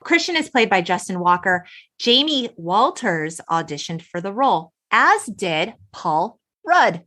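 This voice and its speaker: A woman in her forties hosting a podcast, recapping a film in animated casual chat, quoting characters and laughing often. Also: mid-range voice, a little slow. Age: 40s. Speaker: podcast host.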